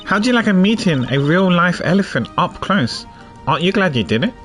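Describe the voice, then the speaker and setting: A man's voice: sits high, sing-song, brisk, a bit bright, faint music behind. A man voicing a smarmy, flirtatious male defense attorney in game dialogue.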